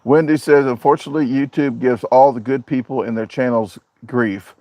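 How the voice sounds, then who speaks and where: Reading viewer comments during a casual live chat, a man jokes and rambles with a southern-US manner while showing his backyard on camera at home. He speaks at normal speed in a mellow, mid-range voice with fairly even intonation, and the recording has no room sound.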